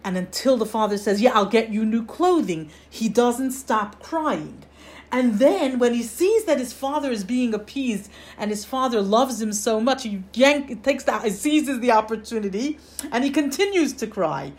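A woman teaching a religious lesson, telling a parable in an animated way and often restarting her sentences. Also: on the high side, moderate pace. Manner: animated storytelling with frequent restarts. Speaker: Torah teacher.

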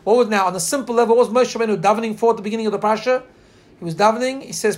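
A man giving a Torah class, telling a midrash with earnest storytelling and pausing to look up the text on a shared screen. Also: sits high, steady tone. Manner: earnest storytelling, slow drawn-out quotes. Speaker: Torah teacher.

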